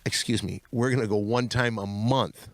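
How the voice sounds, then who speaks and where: A man's voice: lowish voice, fairly even intonation, normal speed, no room sound. A man hosting a comedy video podcast, who makes announcements and scolds his co-hosts. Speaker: host.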